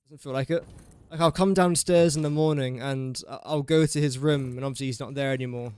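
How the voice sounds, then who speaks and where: Brisk and steady, a young English streamer's mid-range voice has a darkish, clear, resonant tone. He talks casually through each step of a building game as he plays it live.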